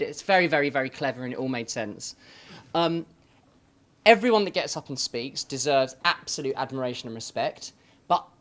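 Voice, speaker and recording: A man's voice: medium pitch, fairly bright tone. A man, a vocal coach, giving effusive, affectionate feedback to a speaker.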